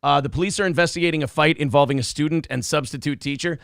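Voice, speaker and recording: Male show host, loose and profane, raspy and a little high. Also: fast talker, dry recording, clean studio sound. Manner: profane, animated, jokey. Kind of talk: casual podcast chat.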